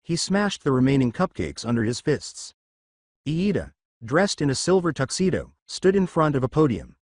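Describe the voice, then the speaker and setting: A man narrating a fan fiction story, reading from a script with expressive storytelling. His pitch rises and falls a lot, and the sound is close and dry. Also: no room sound.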